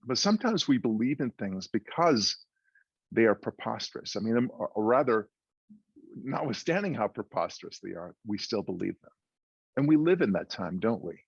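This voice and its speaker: A man's voice: lowish voice, sing-song, moderate pace, gravelly, husky, no room sound. A man giving a speech, telling a joke in a conversational, storytelling way. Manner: conversational storyteller, frequent restarts. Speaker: guest speaker. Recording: dull muffled dry audio.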